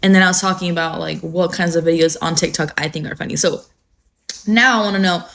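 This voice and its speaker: A woman's voice: lowish voice, fairly even intonation, fast talker, creaky, a bit bright. A young woman from California who just woke up, chatting casually on a phone livestream, rambling with lots of fillers and swearing freely. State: just woken up. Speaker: livestream host. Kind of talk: casual morning livestream chat.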